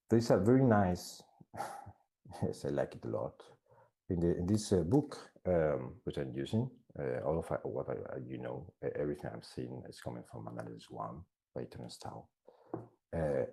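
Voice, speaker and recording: A man's voice: rumbling low, creaky, warm tone. A man giving a classroom lecture in English, which is not his first language, talking hesitantly with many fillers and restarts.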